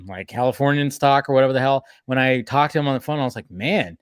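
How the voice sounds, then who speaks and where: A man hosting a casual film chat stream, excitable, laughing and swearing freely. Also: mid-range voice, very fast, clean tone, dry recording, clean studio sound. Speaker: stream host.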